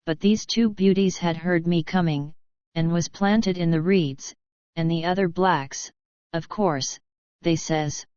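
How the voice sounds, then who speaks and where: A blunt, rough-spoken outback cattleman, as a woman narrator puts him on, drawling along in a rustic bush manner with dropped endings. The voice sits fairly low and smooth. It is heard as an audiobook reading on a dry, slightly dull recording. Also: a little mellow, dry recording, close to an everyday voice.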